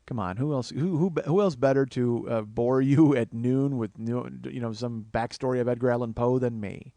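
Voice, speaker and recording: A man's voice: mid-range voice, normal speed, warm tone, no echo. A man hosting a comedy podcast, rambling profanely through a solo monologue and laughing at his own jokes. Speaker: podcast host.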